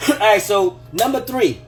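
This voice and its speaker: On a livestream from his home kitchen, a high-voiced man gives relationship advice in casual talk, with slow, faint music behind him. He's animated and profane, laughs often, and acts out the voices of people he quotes.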